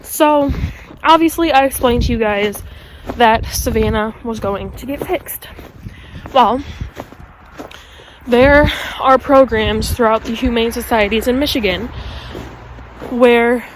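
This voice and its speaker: A woman's voice: fairly high pitch, takes it slowly, pauses often, slight background noise. Chatty young woman vlogging to camera. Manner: chatty, animated, talks straight to viewers. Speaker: book vlogger. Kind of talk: casual vlog talk to camera. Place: at home and in her yard.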